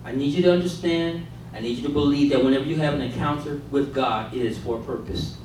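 Male preacher, high voice, call-and-response sermon in a very echoey church, mic set back, faint room hum. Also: quick pace, darkish tone, distant mic.

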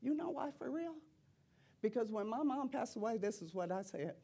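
A middle-aged woman giving an impassioned preaching testimony in church, repeating phrases and rising to loud cries. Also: fairly high pitch, expressive, moderate pace, creaky, breathy edge.

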